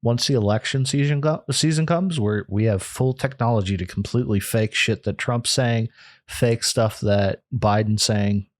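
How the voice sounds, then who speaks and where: A man's voice: on the low side, normal speed, no room sound, studio quality. A man co-hosting a podcast in casual chat, rambling and restarting often. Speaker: podcast co-host.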